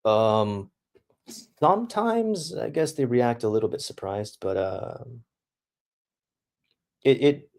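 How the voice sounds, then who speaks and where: A man's voice: mid-range voice, animated, takes it slowly, long pauses, darkish tone. A young man streaming live, talking casually and reading out chat in a laid-back, slangy way full of dude and bro.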